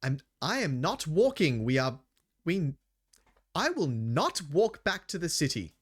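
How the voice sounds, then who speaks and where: A man's voice: fairly high pitch, wildly swooping pitch, measured pace, pitched above the performer's own voice, exaggerated voice. A man voicing a spoiled, stubborn young noblewoman in a tabletop game, refusing indignantly in a raised voice. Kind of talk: tabletop role-play.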